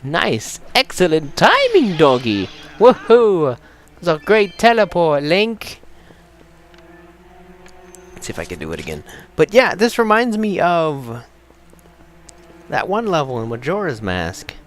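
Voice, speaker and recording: A young man casually commenting while he plays a video game, excitable and rambling, with game music behind him. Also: a little high, measured pace, pauses often, a little hiss or hum. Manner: excitable, chatty, rambling with restarts. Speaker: let's play host.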